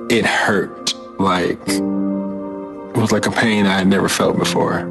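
A man's voice: low-pitched, little pitch movement, slow. A man giving an earnest, matter-of-fact personal testimony in an interview. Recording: music bed underneath.

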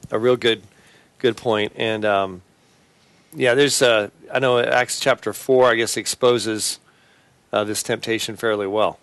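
Man, Christian talk show host, earnest, halting with fillers, dry close sound. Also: fairly low pitch, steady tone, fairly bright tone, dry recording.

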